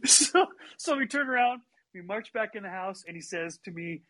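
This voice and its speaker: A man telling a story in casual chat, animated and acting out the quotes. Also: sits high, moderate pace, low-quality recording. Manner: animated, acts out quotes with big voice shifts.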